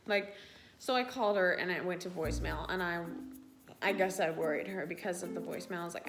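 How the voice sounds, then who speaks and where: A woman's voice: lowish voice, normal speed, creaky, music in the background. Chatty teen girl telling a storytime. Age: late teens. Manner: chatty and filler-heavy, retells scenes in quoted asides. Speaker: vlogger. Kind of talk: casual storytime.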